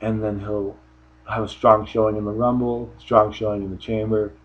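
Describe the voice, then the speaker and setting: Husky low-voiced man rambling in a review. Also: flat delivery, moderate pace, dull audio. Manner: rambling, offhand, frequent restarts. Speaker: wrestling show reviewer. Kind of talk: casual solo review commentary.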